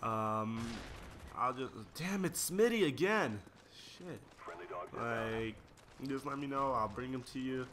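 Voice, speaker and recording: A man's voice: medium pitch, slow pace, pushed and bright, slight background noise. A young man rambling through casual gameplay commentary and stories, slangy and easily sidetracked. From United States. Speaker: gaming video creator.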